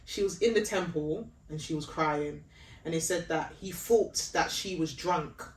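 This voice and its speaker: Animated woman co-host in echoey room. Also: low-pitched, measured pace, a little hiss or hum. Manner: animated storytelling with laughter and acted-out quotes. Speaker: podcast co-host. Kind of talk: casual faith conversation. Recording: echoey room, distant mic.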